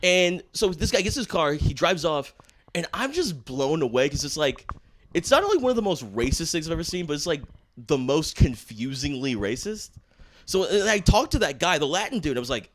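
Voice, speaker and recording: A man from Washington, D.C., a stand-up comedian guest in a casual podcast chat, telling stories in an animated, slangy way full of swearing. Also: on the high side, moderate pace.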